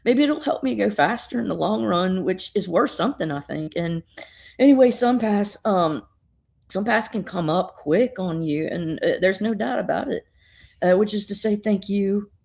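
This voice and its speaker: A woman's voice: mid-range voice, lively intonation, normal speed, vocal fry, darkish tone. A woman voicing a grieving older man who rambles in a courteous, folksy way.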